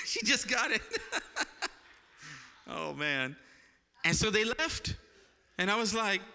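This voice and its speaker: A male pastor tells a personal story from the pulpit, acting out the voices of the people in it before dropping into hushed reverence. His voice is very bright and crisp. The sound carries the long echo of a church hall. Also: sits high, slow pace, long pauses. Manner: animated storytelling, acts out voices, laughs often, turns quiet and reverent. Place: church sanctuary.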